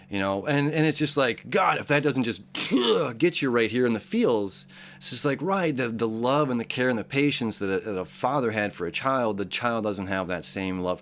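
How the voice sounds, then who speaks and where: A man's voice: mid-range voice, animated, moderate pace, fairly bright tone, slight background noise. A man hosting a casual daily horoscope talk, earnest and encouraging, rambling with frequent restarts and repeated words. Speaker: astrology show host.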